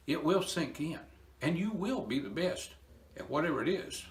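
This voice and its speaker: An older man tells his story in an earnest, emotional, homespun way. His voice is bright and forceful. The sound rings around the hollow space of a barn. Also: on the high side, sing-song, a little slow, pauses often, roomy sound. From Indiana, USA. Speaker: inspirational storyteller. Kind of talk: personal testimony talk.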